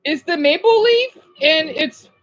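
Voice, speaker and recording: A woman's voice: extremely high pitch, animated, unhurried, lo-fi sound. A woman live-streaming her reaction, gushing and exclaiming, easily distracted, who swears casually and then apologizes. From United States.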